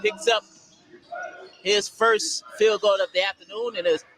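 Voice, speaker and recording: Excitable man calling basketball play-by-play. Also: high-pitched, a crowd in the background, low-quality recording. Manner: brisk, excitable calls of the action. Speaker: play-by-play announcer.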